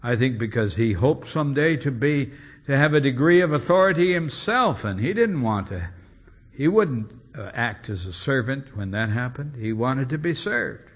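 A man's voice: mid-range voice, animated, normal speed. A man preaching an expository sermon, emphatic and using rhetorical questions.

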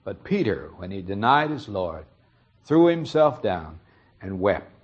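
A man's voice: fairly low pitch, sing-song, unhurried, husky, dull audio. A man preaching a sermon, retelling a story earnestly and explaining it, his emphasis rising on key moments.

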